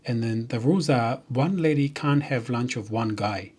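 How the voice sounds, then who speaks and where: A man, a software developer, chatting casually and jokingly on a livestream, rambling with many fillers and restarts. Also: mid-range voice, moderate pace, husky.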